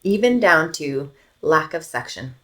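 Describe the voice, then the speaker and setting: Speaking unhurriedly in a low, fairly bright voice with big pitch swings, a Canadian woman in her thirties shares the story of her baby girl's illness as a podcast guest. Casual and full of fillers, she often drops close to a whisper.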